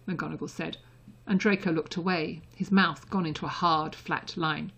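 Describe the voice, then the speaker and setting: A woman narrating a story as an audiobook reader, in a soft and intimate delivery. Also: low voice, fairly even intonation, normal speed, gravelly, slightly rough.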